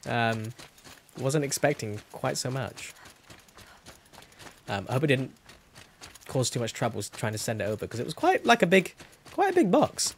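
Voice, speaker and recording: A man's voice: mid-range voice, very animated, moderate pace, pauses often, slight background noise. Young guy streaming a game, mid voice, rambly and chatty. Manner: rambling, self-correcting, chatty. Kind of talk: casual gameplay commentary.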